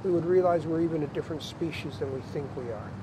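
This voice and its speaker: A man's voice: fairly high pitch, quick pace, noisy background. A middle-aged man, an author, telling a reflective personal story in an earnest way, stumbling over repeated words when moved. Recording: music bed under the voice.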